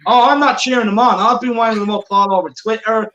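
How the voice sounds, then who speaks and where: A man hosts a live football watchalong in a chatty, bantering way, reading out viewer comments as he goes. His voice sits fairly high for a man. The room has a noticeable echo. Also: fairly even intonation, fast, muffled recording, crowd noise. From Ireland. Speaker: watchalong host.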